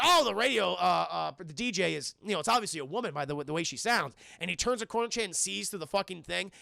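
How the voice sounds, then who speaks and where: A man streams a casual film recap to his chat, addressing viewers directly, cursing freely, and animatedly acting out characters' lines. His voice sits high and is creaky, in a dry, studio-quality recording.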